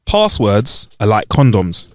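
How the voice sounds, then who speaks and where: Lively male podcast co-host, animated delivery, dry close-mic sound. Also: fairly low pitch, takes it slowly, no room sound. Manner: lively, laughs loudly at punchlines. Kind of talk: casual joke-telling chat.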